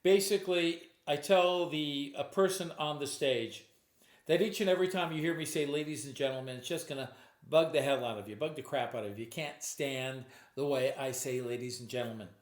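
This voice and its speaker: In an echoey room, a stage hypnotist talks a little fast in a voice on the high side, sharing a true tale from his performances. He keeps it casual, frequently quoting himself with acted lines and stopping to restart.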